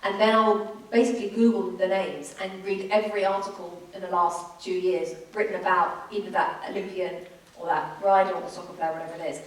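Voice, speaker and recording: Fast-talking English woman, echoey hall. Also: lowish voice, distant mic. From England. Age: 30s. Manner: quick, animated storyteller. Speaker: sports broadcaster. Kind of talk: on-stage conversation. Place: school event hall.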